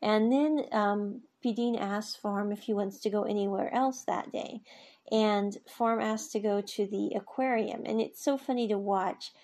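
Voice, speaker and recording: A woman's voice: mid-range voice, steady tone, measured pace, a little mellow. A woman chattily recapping scenes from a drama series, retelling the characters' lines and using frequent fillers. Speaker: series reviewer.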